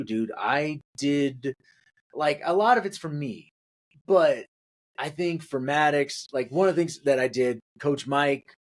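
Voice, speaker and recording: Rambling young man telling stories. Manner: rambling storyteller, acts out quotes in a high voice. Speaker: podcast co-host. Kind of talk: casual chat.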